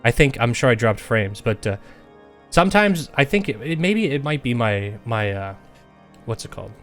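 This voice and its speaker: A man's voice: medium pitch, big pitch swings, normal speed, fairly bright tone, soft background music. A young man streaming a game, talking casually and rambling as he jokes about the story and mocks the characters' lines. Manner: rambling, joking, mocking imitations of characters. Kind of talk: casual gameplay commentary.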